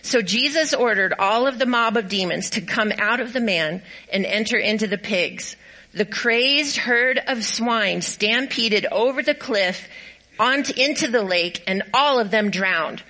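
A woman's voice: fairly high pitch, lively intonation, a little slow, bright, forceful tone, poor audio. A woman pastor giving a sermon, cheerfully directing volunteers through a skit and reading scripture aloud. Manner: upbeat and encouraging.

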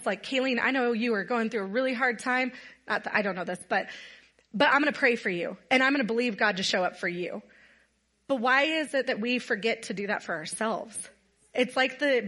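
A woman speaking at a women's night gives a casual, earnest sermon to a gathered audience, telling a Bible story in a conversational way. Her voice is fairly high and fairly bright.

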